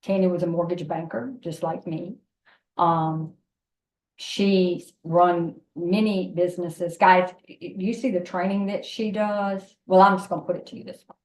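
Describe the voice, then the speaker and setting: A woman's voice: on the low side, fairly even intonation, measured pace, a little mellow, reverberant, low-quality recording. A woman giving a heartfelt, emotional introduction on a video call, emphatic and often repeating words. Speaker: member introducing the speaker.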